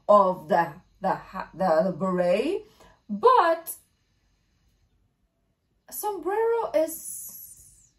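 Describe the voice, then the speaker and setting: A woman hosting a reaction video, commenting on clips in a chatty, amused way. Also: fairly high pitch.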